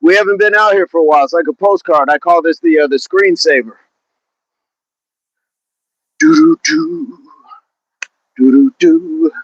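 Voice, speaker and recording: A man's voice: a little high, fast talker, hardly any pauses, dry recording, highs cut off. A man coaching a fitness live stream outdoors in a park, chatting casually, upbeat, greeting viewers by name and repeating words. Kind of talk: casual live-stream chat while warming up.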